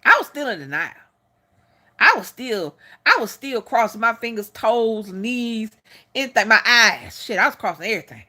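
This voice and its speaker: A woman with a bright, forceful voice pitched a little high, talking casually on a livestream. She tells her story frankly and with plenty of animation. She swears without a second thought. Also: moderate pace. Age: older for a first pregnancy. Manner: candid, animated, swears freely. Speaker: channel host.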